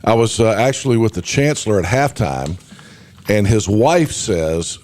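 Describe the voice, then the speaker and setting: A man hosting a morning radio talk show, his voice hoarse from a lingering cold. He speaks in a lowish register and rambles loosely, filling his sentences with ums and uhs. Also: lively intonation, measured pace, darkish tone. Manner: rambling, chatty, many fillers. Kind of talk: casual morning show banter.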